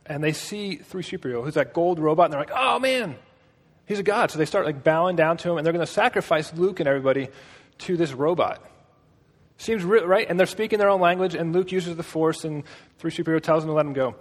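This fast-talking preacher has a fairly high, husky voice and keeps his sermon casual, telling stories sprinkled with jokes in a conversational tone. His voice echoes with a long reverb through the hall.

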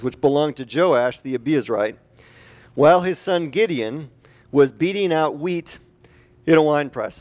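A man preaching a conversational sermon as a pastor, animated and chatty, putting questions to the congregation. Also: medium pitch.

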